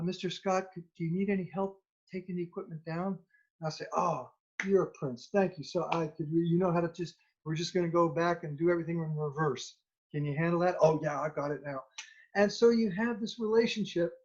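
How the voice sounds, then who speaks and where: A man telling an animated anecdote as a children's musician, acting out the dialogue as he goes. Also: a little high, a little fast. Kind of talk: storytelling anecdote. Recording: dull lo-fi recording.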